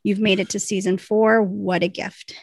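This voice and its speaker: Woman co-host, chatty letter-reader, mid pitch, dry close sound. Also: little pitch movement, normal speed, slightly rough, no echo. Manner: chatty, reads letters with bursts of laughter. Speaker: podcast co-host. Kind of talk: casual chat, reading listener emails aloud.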